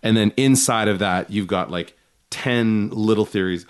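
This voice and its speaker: A man's voice: fairly low pitch, measured pace, smooth. A man hosting a casual comedy podcast, rambling with restarts and frequent laughter. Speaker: podcast host.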